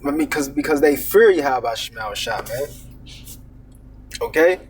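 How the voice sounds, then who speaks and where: A man's voice: mid-range voice, expressive, measured pace, far from the mic, a little hiss or hum. A man teaching scripture in a casual sermon, reading verses aloud and commenting with "man" and "all right?". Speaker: preacher.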